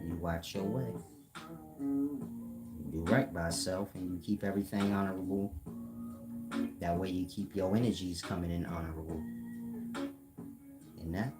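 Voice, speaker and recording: Deep-voiced man lecturing his stream chat. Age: older. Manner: blunt, lecturing, scolding trolls. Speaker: livestream host. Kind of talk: live-stream monologue to chat. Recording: loud guitar music behind.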